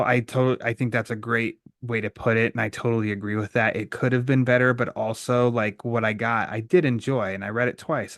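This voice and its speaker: A man's voice: mid-range voice, gravelly, no room sound, studio quality. A man hosting a podcast in a casual, rambling way, with fillers and jokes, wrapping up the episode. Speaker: podcast host. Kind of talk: casual podcast chat and outro.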